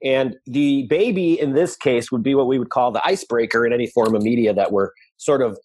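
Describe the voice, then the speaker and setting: A man's voice: medium pitch, a little fast, a little mellow, breathy edge. A man hosting a casual podcast interview, blunt and swearing now and then. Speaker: podcast host.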